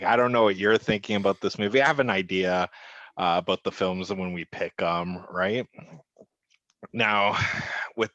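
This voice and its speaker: A man co-hosting a movie podcast, laid-back and quick to laugh, swearing casually as he talks films. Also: deep voice, fairly bright tone, dry recording. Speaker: podcast co-host. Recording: dull, dry, lo-fi mic.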